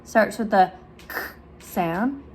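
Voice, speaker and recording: A woman speech therapist reading a picture book aloud to young children, asking questions and over-articulating sounds in a sing-song manner. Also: a little hiss or hum. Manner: slow, sing-song, with big exaggerated pitch jumps for praise; overarticulates sounds for young listeners.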